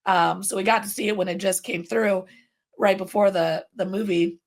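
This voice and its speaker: A woman hosting a casual interview podcast, laughing often and talking in an animated way. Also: mid-range voice, normal speed. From San Francisco Bay Area. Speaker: podcast host.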